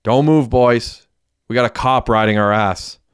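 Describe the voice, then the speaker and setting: A man's voice: lowish voice, fast, clear, resonant tone, no echo, clean studio sound, natural voice. A man reading the lines of a young getaway driver in an audiobook, terse and swearing under pressure. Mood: tense.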